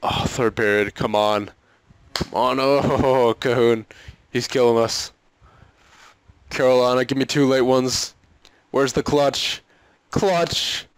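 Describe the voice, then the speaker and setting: A man's voice: medium pitch, flat delivery, measured pace, clean tone, no room sound. A man doing let's-play commentary on a hockey video game, exasperated and pleading with his team, often laughing and sighing. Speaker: gaming commentator.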